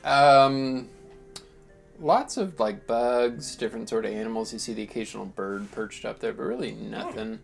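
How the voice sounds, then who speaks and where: A gravelly voice runs the tabletop game as game master, narrating in a loose, halting way. Faint music plays under the voice. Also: medium pitch, lively intonation.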